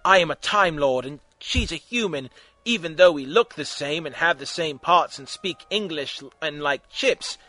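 A man voicing a vain, excitable male time-travelling hero in a comic fan fiction reading, loud and full of indignation. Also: a little high, normal speed. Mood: indignant. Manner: loud, indignant, boastful outbursts.

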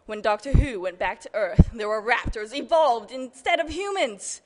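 A woman from the audience reading silly fan fiction aloud, halting, with stumbles and shouted lines. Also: medium pitch, animated.

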